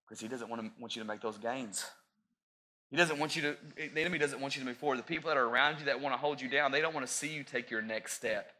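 Speaking quickly at a medium pitch, a man in his thirties delivers a sermon as pastor, his voice surging to loud high points before dropping into humorous asides.

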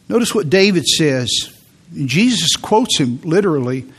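A man's voice: fairly high pitch, husky. A man preaching a sermon in an earnest way, often repeating words as he goes. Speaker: pastor.

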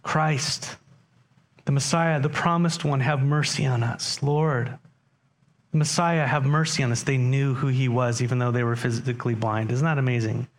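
A man's voice: mid-range voice, fairly even intonation, moderate pace. A man preaching a sermon as pastor, talking conversationally and putting questions to his congregation.

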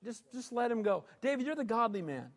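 A male pastor voicing a gentle, humble woman who pleads softly for peace. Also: very high voice, big pitch swings, a little fast, big-room sound, full character voice. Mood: soothing. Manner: soft, soothing.

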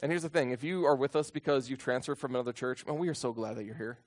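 A male pastor delivering a sermon to his congregation, animated, acting out the disciples' pleas in a raised voice. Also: mid-range voice, quick pace.

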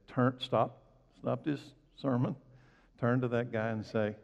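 A man's voice: fairly even intonation, slow, creaky. A male pastor giving a conversational sermon, telling stories and rising and falling sharply as he preaches. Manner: conversational, storytelling preacher with big swings in pitch and loudness. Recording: dull recording with long hall reverb.

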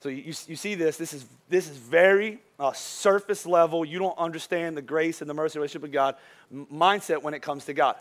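A man preaching a sermon as a pastor, his voice worn from speaking all day. He tells jokey stories and drops soft and slow for the serious points. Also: fairly high pitch, steady tone. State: voice wearing out from a long day of preaching.

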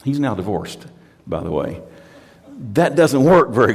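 A man's voice: mid-range voice, big pitch swings, normal speed, big-room sound. A pastor from the United States preaching a sermon in a conversational, storytelling way, often repeating words as he restarts.

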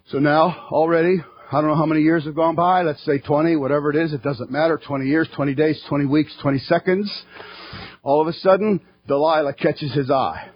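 A man preaching a fervent sermon in church, his voice rising to shouting at its peaks. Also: on the high side, steady tone, a little fast, lo-fi sound.

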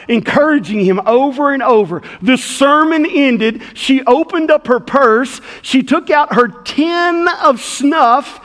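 A man's voice: extremely high pitch, a little slow, hardly any pauses, fairly bright tone, big-room sound. A middle-aged man pastoring a church, giving a folksy, conversational sermon with stories.

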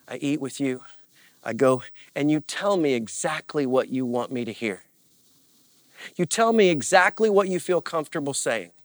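A man's voice: mid-range voice, dry recording. A man preaching as a pastor, earnest and confessional, with repeated phrases and rising bursts of emphasis. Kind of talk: sermon.

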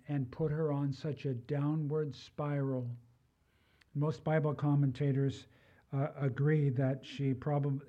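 A man's voice: mid-range voice, mellow, highs cut off. An older man preaching a sermon in a conversational way, with personal asides. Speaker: pastor.

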